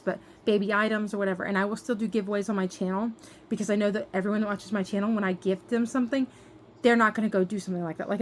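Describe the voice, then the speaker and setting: A young adult woman tells a storytime to her followers in a casual vlog, upset and venting. Her voice sits in an ordinary middle range, and she stumbles through fillers and restarts. A faint hum of noise runs under the recording. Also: medium pitch. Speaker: doll collector vlogger.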